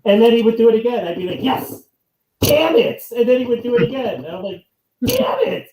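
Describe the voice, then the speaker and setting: Animated man ranting, echoey room. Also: very high-pitched, rapid-fire, background noise. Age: 40s. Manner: animated, rambling, repeats "it's like", mock outbursts. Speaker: co-host of a movie podcast. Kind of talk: casual chat.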